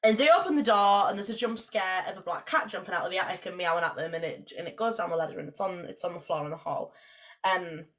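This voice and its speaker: A woman co-hosting a podcast in casual chat, animated, swearing freely and laughing often. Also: fairly low pitch, quick pace. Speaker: podcast co-host.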